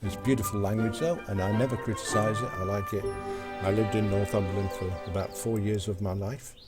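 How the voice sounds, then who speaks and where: A man's voice: lowish voice, fairly even intonation, fairly quick, over loud music. A man chatting casually on a live game stream, telling jokes in a rambling, hesitant way with many fillers.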